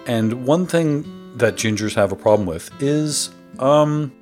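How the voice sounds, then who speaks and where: A man's voice: medium pitch, measured pace, faint music behind. A man co-hosting a casual podcast, telling stories with lots of swearing. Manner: animated storyteller, swears freely. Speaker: podcast co-host.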